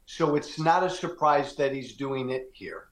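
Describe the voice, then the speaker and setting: A man's voice: medium pitch, a little slow, roomy sound. A male political guest from Illinois giving blunt, emphatic commentary. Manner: blunt, emphatic, repeated uhs.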